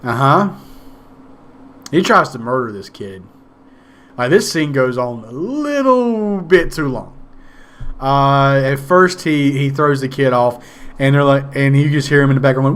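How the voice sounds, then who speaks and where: A man's voice: mid-range voice, animated, a little slow, fairly bright tone. Rambling sarcastic man recapping a movie. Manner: rambling, sarcastic, swears casually. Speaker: movie reviewer.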